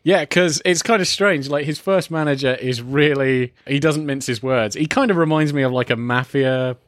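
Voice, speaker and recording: A man gushes about a film in relaxed conversation, chuckling and tossing in jokey asides. His voice sits at a middling pitch. The recording is close and dry, with no room sound. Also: moderate pace, no room sound. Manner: enthusiastic, chuckling, joking asides. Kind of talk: casual film review chat.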